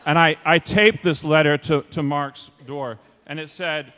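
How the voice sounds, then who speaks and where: A man, a school teacher, telling a funny personal story to an audience in an animated, self-mocking way. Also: fairly high pitch, measured pace, hardly any pauses, big-room sound.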